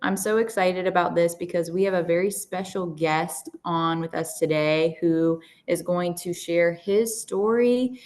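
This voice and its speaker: A woman hosting a faith podcast interview, speaking with enthusiasm and a loose, filler-heavy style. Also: lowish voice. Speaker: podcast host.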